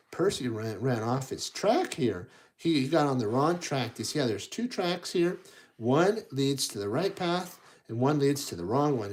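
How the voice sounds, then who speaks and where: Storytime host, expressive read-aloud, kid-directed, lively pitch, sound effects. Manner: animated, playful, talks to children directly with sound effects.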